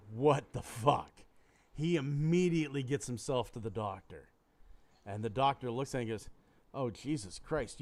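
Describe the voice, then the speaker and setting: A man's voice: medium pitch, darkish tone. A man co-hosting a casual podcast, telling a crude joke and putting on voices for its characters. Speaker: podcast co-host. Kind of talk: casual crude chat about toys.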